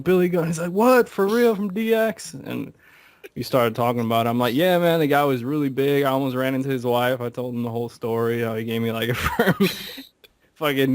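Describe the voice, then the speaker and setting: A man on a podcast telling stories in a casual, animated way, acting out quotes and swearing freely. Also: medium pitch, dry recording. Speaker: podcast co-host. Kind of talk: casual chat.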